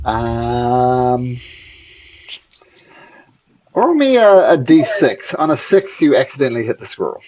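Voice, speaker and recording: A game master narrating a tabletop game in a relaxed, hesitant way. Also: medium pitch, slow, long pauses, over music.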